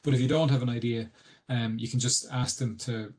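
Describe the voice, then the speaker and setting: On a video call, an Irish-accented man explains dictionary work in a medium-pitched, steady, darkish voice at a brisk clip. He's a dictionary editor giving an explanatory webinar talk, hesitant and full of ums and restarts.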